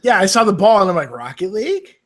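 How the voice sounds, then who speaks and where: Hyped high-voiced man joining remotely. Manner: hyped, quick, retelling reactions. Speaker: guest on a live stream. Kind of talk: casual gaming chat. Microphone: remote call audio.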